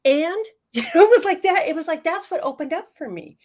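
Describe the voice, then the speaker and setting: A woman's voice: very high-pitched, lively intonation, fairly quick. A woman in her fifties, a program founder telling a heartfelt story in an interview and laughing often as she goes. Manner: warm, emotional storyteller who laughs often.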